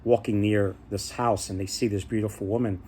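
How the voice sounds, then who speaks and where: A man's voice: lowish voice, steady tone, a little fast, warm tone, breathy edge. A man casually retelling folk tales, rambling and often restarting his sentences. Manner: rambling, many fillers and restarts. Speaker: storyteller.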